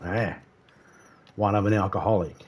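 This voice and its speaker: A man's voice: fairly low pitch, normal speed, husky. A man streaming a video game live, chatting casually with slightly slurred speech, rambling through stories and laughing often. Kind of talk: casual chat while gaming live.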